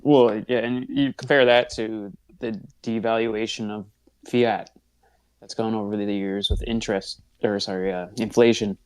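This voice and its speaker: A man co-hosting a casual chat, upbeat and quick to laugh. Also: fairly low pitch, fairly even intonation, darkish tone, clear, resonant tone.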